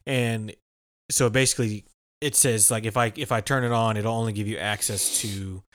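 A young man co-hosting a podcast, rambling and halting, full of fillers. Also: on the low side, steady tone, a bit bright, no room sound, studio quality. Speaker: podcast co-host. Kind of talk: casual chat.

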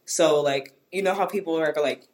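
Young woman on a podcast, kinda low voice, deadpan nonchalant way of telling stuff, does little voices for what she said back. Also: normal speed. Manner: storytelling, acts out her own retorts; nonchalant, even tone. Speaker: guest. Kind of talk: casual podcast chat.

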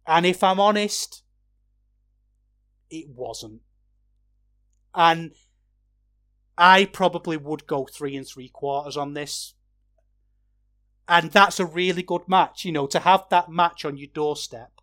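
A man, a wrestling podcaster, talking through a match review in a casual, chatty way that gets animated when he rants. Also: on the high side, takes it slowly, pauses often.

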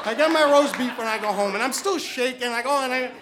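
A middle-aged man telling a live story, excitable, stumbling over repeated words. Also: extremely high pitch, fast talker, noisy background. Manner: excited, stammering repetitions.

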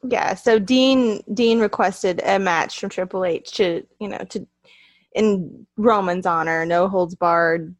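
A woman's voice: mid-range voice, slow, no room sound. A woman co-hosting a casual chat, easygoing, recapping events and laughing often.

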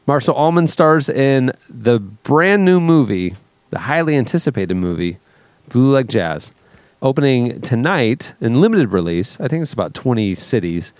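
A man's voice: mid-range voice, very animated, normal speed, darkish tone, no room sound. Easygoing male podcast host. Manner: easygoing, with plugs and audience call-outs. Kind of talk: casual studio podcast chat.

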